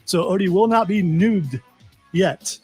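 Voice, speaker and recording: A man's voice: sits high, animated, unhurried, a little mellow, soft background music. A man hosting a podcast in casual chat, rambling with fillers and restarts. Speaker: podcast host. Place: studio.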